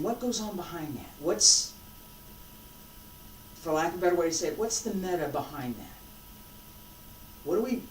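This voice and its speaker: A qigong instructor leading a guided exercise class, giving short calm cues and then explaining loosely with restarts. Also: mid-range voice, a little hiss or hum. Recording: echoey room, voice from a distance.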